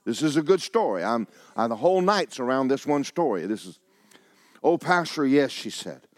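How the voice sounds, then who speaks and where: A man's voice: medium pitch, big pitch swings, a little fast, no room sound, clean studio sound. A man preaching a sermon as pastor, mixing joking asides with fervent calls.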